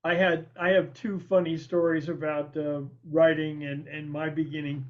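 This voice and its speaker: A middle-aged man hosting an interview, telling stories in a lively, profane, colloquial way. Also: fairly high pitch, moderate pace, lo-fi sound. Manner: animated, profane, colloquial storyteller. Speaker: podcast host. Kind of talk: storytelling interview chat.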